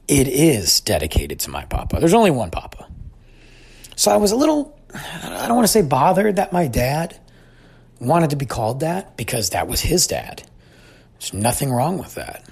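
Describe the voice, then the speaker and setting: A father in his forties tells a family story in a personal, reflective monologue. His voice is husky and medium-pitched, and he speaks in a heartfelt, thoughtful way.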